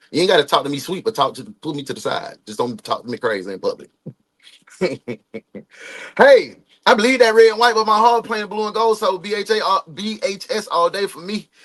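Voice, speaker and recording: A man's voice: high voice, brisk, fairly bright tone. A man in his forties hosting a casual livestream, greeting viewers by name and giving loose, slangy motivational talk. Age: 40s. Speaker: livestream host.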